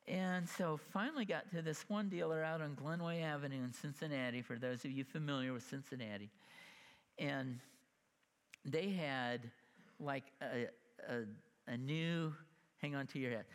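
A preacher in his fifties with a fairly high voice tells a story from the pulpit, acting out each person in it and laughing at his own slips. His voice rings with the long reverb of a church hall. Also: moderate pace, clean tone. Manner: animated, acts out quoted voices, laughs at himself. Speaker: pastor. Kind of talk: sermon storytelling. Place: church sanctuary.

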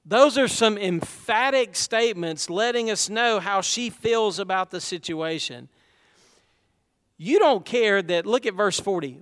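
A man's voice: sits high, very animated, measured pace, a bit bright, long reverb tail. A middle-aged man preaching a sermon, talking conversationally and asking the congregation rhetorical questions. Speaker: pastor.

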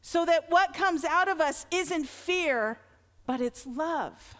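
Taking it slowly, a middle-aged woman pastor preaches in an extremely high, slightly bright voice. Her delivery is earnest and conversational, rising into emphatic lines amid the long echo of a large hall.

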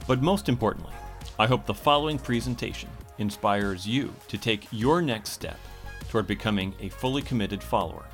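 A man's voice: on the low side, animated, a little fast, a bit bright, soft background music. A man, the church's communications pastor, giving a scripted welcome at the start of a church podcast.

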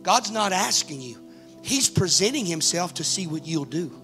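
A man's voice: sits high, sing-song, moderate pace, a bit bright, faint music behind. A man preaching a Pentecostal altar-call sermon in a church, fervent and building to urgent exhortation. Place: church sanctuary.

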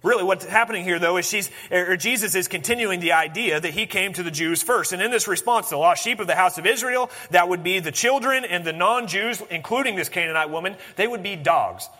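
A man preaching a sermon, swinging from animated emphasis to hushed, intense lines. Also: high voice, fairly quick, few pauses, in a large hall. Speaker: pastor.

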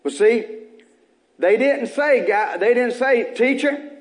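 A man's voice: very high voice, animated, slow. A male pastor preaching a sermon, repeating phrases and rising into emphatic bursts.

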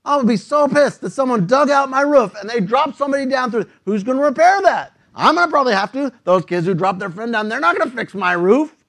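A man's voice: extremely high pitch, expressive, fast talker, few pauses, fairly bright tone, voice pushed up, heavily acted. A man putting on a grumpy old homeowner, ranting. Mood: indignant. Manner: indignant, ranting. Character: grumpy old male homeowner, furious about his roof.

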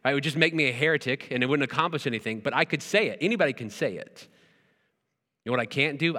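A man delivers a sermon in a church, talking to the congregation in a conversational way. His voice is bright and forceful. It rings with a long reverb off the hall, and he keeps stopping to ask rhetorical questions. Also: mid-range voice, fast talker. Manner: earnest, conversational preaching with repeated words and rhetorical questions. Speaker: pastor.

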